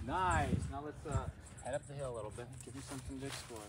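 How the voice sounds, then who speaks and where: A man working as a dog trainer outdoors, coaching a dog and explaining his steps, swooping into high sing-song praise. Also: fast talker. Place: outdoors in a rural field. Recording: distant mic with loud outdoor noise.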